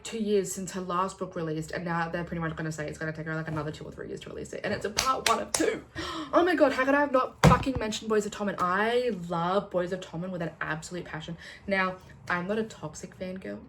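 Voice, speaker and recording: A young woman chatting casually in a rambling, excitable way, often swearing and laughing as she vlogs. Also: lowish voice, a little hiss or hum. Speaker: booktuber.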